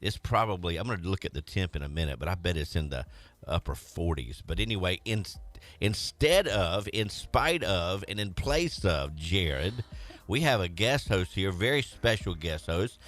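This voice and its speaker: A man's voice: deep voice, expressive, moderate pace, a bit bright. A man hosting a morning radio show, chatting casually and joking with a guest in a rambling way.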